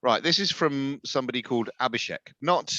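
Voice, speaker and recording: A man's voice: mid-range voice, fairly quick, bright, forceful tone, no echo. A man co-hosting a casual podcast chat, with a dry, sardonic manner, chuckling as he reads things out. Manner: dry, sardonic, laughs while reading tweets. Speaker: podcast co-host. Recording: dull, muffled dry sound.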